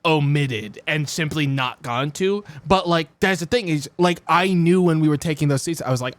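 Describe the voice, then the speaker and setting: A man chatting on his stream, telling a story in an animated, swearing rush. His voice sits a little high, and the sound is dry and close. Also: normal speed, few pauses, dry recording. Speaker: streamer host. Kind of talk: casual chat on stream.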